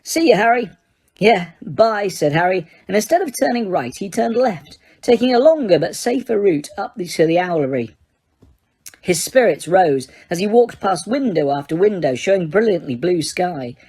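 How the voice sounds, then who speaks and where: A woman narrates an audiobook in a low, husky voice with a breathy grain. Her pitch moves in lively rises and falls as she reads steadily along. Now and then she stops to correct a slipped word. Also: normal speed. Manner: steady reading with occasional self-corrections.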